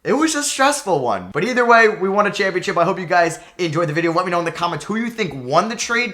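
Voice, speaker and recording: Excitable young man narrating a video game. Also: on the high side, roomy sound. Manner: swings from anxious muttering to shouted celebration. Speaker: gaming YouTuber.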